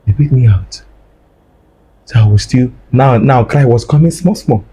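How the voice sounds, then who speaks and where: A man's voice: medium pitch, a little slow, warm tone, slight background noise, low-quality recording. A man, telling a personal story in an emotional way, repeating his phrases. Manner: repeats phrases, acts out dialogue. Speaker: guest recounting his ordeal.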